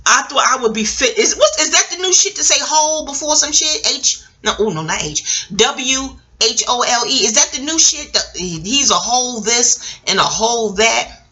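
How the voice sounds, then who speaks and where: A woman's voice: on the high side, expressive, normal speed, sharp tone. A middle-aged woman vlogging in a casual, rambling way, digressing, laughing often and swearing freely.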